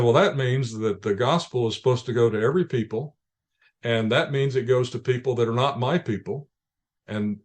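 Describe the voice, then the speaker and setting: A man, a ministry leader, answering interview questions in an earnest, explanatory way with frequent restarts. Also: medium pitch.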